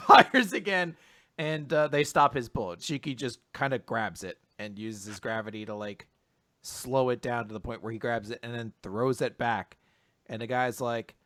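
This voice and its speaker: A man co-hosting a casual manga recap podcast, animated, laughing often and acting out characters' lines. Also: mid-range voice, unhurried, no room sound, studio quality. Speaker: podcast co-host.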